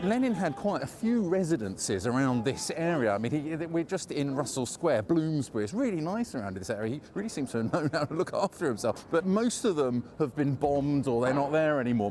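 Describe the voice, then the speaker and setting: A man's voice: fairly high pitch, darkish tone, slight background noise. A man hosting a travel video, chatting in a jokey way while walking city streets outdoors on a lapel mic. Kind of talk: casual walking-tour chat. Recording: faint street ambience.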